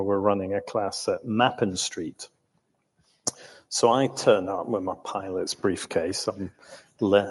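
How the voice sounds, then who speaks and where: A man's voice: low voice, darkish tone, husky. Older English man, hesitant, hall echo. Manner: hesitant, full of ums and restarts, chuckling. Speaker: interviewee recounting his life. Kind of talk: reflective storytelling.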